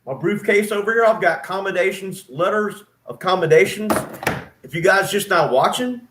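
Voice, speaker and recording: Middle-aged man, emphatic aggrieved storytelling, fairly high voice, echoey room. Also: lively intonation, moderate pace, noisy background. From East Texas. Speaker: vlogger, former nurse. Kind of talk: casual spoken storytelling.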